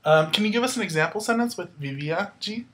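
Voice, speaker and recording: A woman teaching a Spanish grammar lesson in an upbeat, step-by-step way. She talks at an average pitch, like a friendly teacher running through the endings. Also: lively intonation, fast talker, slight background noise. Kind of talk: classroom-style grammar lesson.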